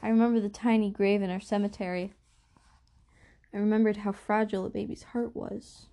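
A woman's voice: mid-range voice, level tone, a little fast, gravelly, dark tone. Woman narrating a novel evenly. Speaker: audiobook narrator. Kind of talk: first-person novel narration.

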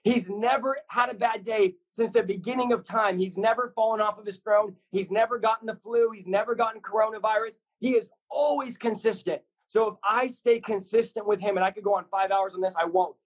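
A man preaching fervently as a podcast guest, his voice pitched high for a man and a little husky. He drives his point home in stacked, repeated short lines, with the insistent push of a sermon. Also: steady tone, brisk, few pauses, poor audio. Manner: intense, repetitive, builds lists of short punchy lines.

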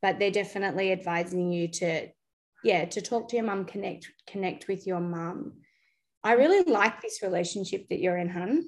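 A woman giving a casual spiritual reading, chatty and quick, passing on messages to the person in front of her. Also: mid-range voice, lively intonation. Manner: chatty, warm-voiced, relays messages with "they're saying". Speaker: psychic reader.

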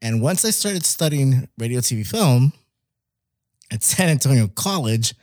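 A young man, telling stories in casual chat, animated, laughing often and dropping in Spanish words. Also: mid-range voice, measured pace, no echo, clean studio sound. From Mexico.

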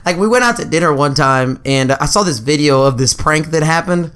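A young man chatting casually as a podcast co-host, telling profane, animated stories and acting out the people he quotes. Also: on the high side, brisk, clear, resonant tone. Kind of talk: casual chat.

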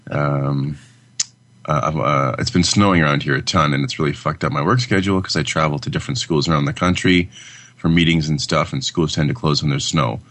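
A man's voice: very deep voice, fairly quick, fairly bright tone. A man co-hosting a film podcast in casual crude chat, joking often and reading out listener email. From Canada. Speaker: podcast co-host.

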